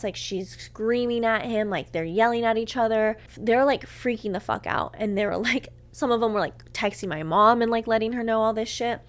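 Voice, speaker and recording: A woman's voice: a little high, normal speed, hardly any pauses. A young woman hosting a podcast, telling a heated personal story, swearing often and acting out what others said. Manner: heated, swears a lot, acts out quotes. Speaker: podcast host. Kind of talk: storytime monologue.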